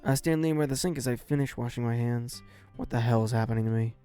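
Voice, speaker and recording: A man's voice: mid-range voice, quick pace, mellow, clear, resonant tone, soft background music. A man streaming and reading a visual novel aloud, voicing the narrator in first person with a few stumbles.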